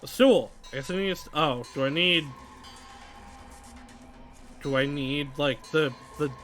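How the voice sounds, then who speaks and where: A man's voice: fairly high pitch, a little slow, a bit bright, faint music behind. A man streaming a video game live, thinking aloud and reading out game text as he plays. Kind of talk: live game playthrough commentary.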